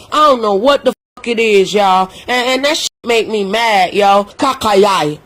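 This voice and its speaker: A woman's voice: sits high, fairly bright tone. Woman, livestream rant, heated, cursing, scolding. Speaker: social media commentator.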